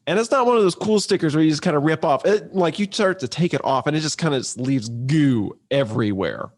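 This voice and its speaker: A man, an entrepreneur, telling a story in a conversational, lively way with restarts. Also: fairly high pitch, fairly quick. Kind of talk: casual storytelling to camera.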